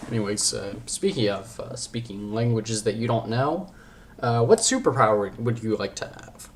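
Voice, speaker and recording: A little hiss or hum sits behind a young man's lowish voice as he hosts a casual podcast at normal speed. He rambles and jokes, often cutting himself off before finishing a sentence.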